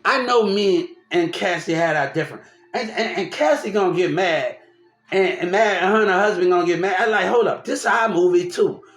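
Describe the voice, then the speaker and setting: High-voiced man telling stories. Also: brisk, faint music behind. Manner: repetitive, restarts often, animated. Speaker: storyteller. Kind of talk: rambling personal storytelling. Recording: roomy echo.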